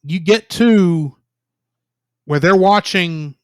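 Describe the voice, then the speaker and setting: A man co-hosting a podcast, calmly and analytically talking through a film's story in casual chat. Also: high voice, drawn-out words, clean tone, no room sound, studio quality. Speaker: podcast co-host. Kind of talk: casual film review chat.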